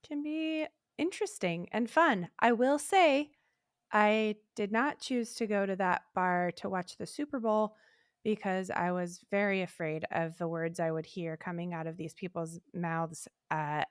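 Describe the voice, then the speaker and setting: A young adult woman co-hosting a podcast, telling a casual story with lively acted-out quotes and casual swearing. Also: mid-range voice, unhurried, clear, resonant tone, dry recording, clean studio sound. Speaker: podcast co-host.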